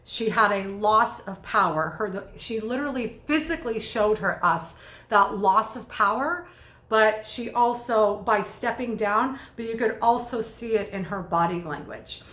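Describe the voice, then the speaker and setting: A woman communication coach giving energetic, conversational commentary in quick bursts. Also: medium pitch, reverberant. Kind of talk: video lesson commentary.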